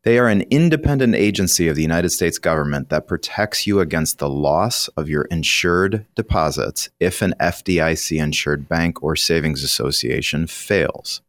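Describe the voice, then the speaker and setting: A man's voice: rumbling low, normal speed, hardly any pauses, fairly bright tone, no room sound. A man who is a retirement planning professional explaining finance on a radio talk show, emphatic and explanatory. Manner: explanatory, emphatic, occasional laughs.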